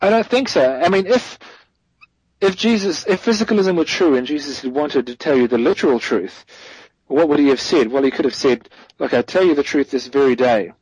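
A man's voice: on the high side, a little fast, a little mellow, breathy edge, dry recording, poor audio. A man as a guest theologian, giving a thoughtful explanatory answer in an interview, correcting himself as he goes and stressing key points.

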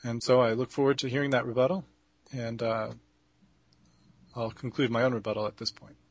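A man giving a debate rebuttal, speaking off the cuff with many pauses, fillers and restarts. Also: medium pitch, flat delivery, slightly rough, dry recording.

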